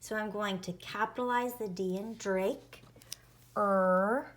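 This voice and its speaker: A woman teaching a phonics lesson to young children, sounding out each letter slowly and clearly. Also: medium pitch, fairly even intonation.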